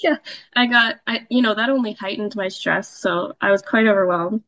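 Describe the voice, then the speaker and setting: A woman's voice: medium pitch, moderate pace, fairly bright tone, lo-fi sound. A woman casually telling a personal story as a podcast guest, chatty, with fillers and laughs.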